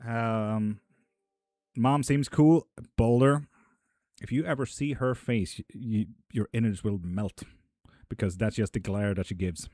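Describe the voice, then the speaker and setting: A man's voice: lowish voice, a little slow, mellow, dry recording, studio quality, soft background music. Swearing, laid-back male stream host. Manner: profane, laughs often, loose and joking. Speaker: live stream host reading chat questions. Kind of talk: casual live-stream chat. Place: indoor room with a fan running.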